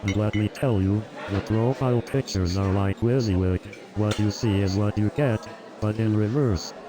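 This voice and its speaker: A synthetic male voice delivering a stand-up comedy routine in a steady joke-telling cadence with stock setups. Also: fairly low pitch, normal speed, a crowd in the background. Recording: loud music and laugh track behind. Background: loud music and audience laughter.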